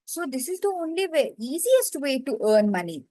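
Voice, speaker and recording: A blunt robber who insists he steals for his family, voiced lightly by a woman narrating. The voice sits high and sounds close and dry. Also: sing-song, moderate pace, warm tone, dry recording. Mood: pleading. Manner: plain storytelling tone, simple phrasing.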